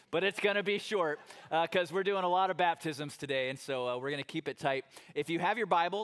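A middle-aged man preaching a sermon as pastor, talking in a conversational, animated way and telling stories with acted-out quotes. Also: fairly high pitch.

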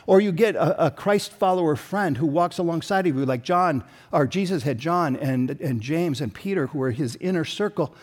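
A man as pastor preaching a sermon, telling a story and building to emphatic peaks, with frequent throat-clearing. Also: on the high side, lively intonation, moderate pace, few pauses.

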